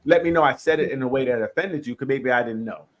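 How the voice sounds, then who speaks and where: A man holding court in a relaxed group conversation. He talks in an animated way, repeats himself, and breaks into laughter. His pitch sits in the middle range. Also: quick pace. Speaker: podcast co-host. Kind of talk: casual group discussion.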